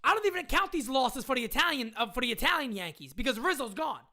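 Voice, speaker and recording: A woman ranting loudly and indignantly into a phone camera, repeating her points as a sports fan. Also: high-pitched, sing-song, fast talker. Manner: loud, indignant, repetitive ranting. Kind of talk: live rant into a phone camera.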